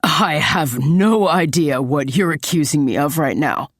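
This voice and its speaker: A woman reading an audiobook, voicing a young man who keeps his voice low and even. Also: unhurried, no echo, clean studio sound. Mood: puzzled.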